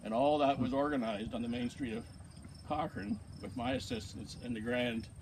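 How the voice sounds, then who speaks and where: Over some background noise, a man delivers informal acceptance remarks in a creaky, sing-song mid-range voice at a moderate clip. His folksy storytelling includes a joke where he voices the characters.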